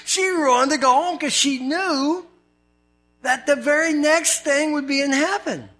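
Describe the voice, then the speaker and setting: A man's voice: extremely high pitch, a little slow, sharp tone. A man preaching a sermon as pastor, in an earnest, conversational way with scripture readings.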